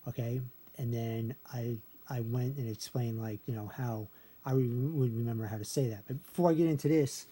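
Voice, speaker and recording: Speaking at a moderate pace in a steady, medium-pitched voice with a dark tone, this man carries a slight hiss or hum. He is a video creator walking through a memory trick step by step in a relaxed screen-share lesson, counting syllables aloud and adding "okay" to almost every phrase.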